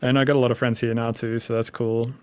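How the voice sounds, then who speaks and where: A man's voice: mid-range voice, level tone, quick pace, darkish tone, clear, resonant tone. Rambling man with a light Australian accent. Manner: rambling, filler-heavy, casual swearing. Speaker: podcast guest, music producer. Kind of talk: casual conversation.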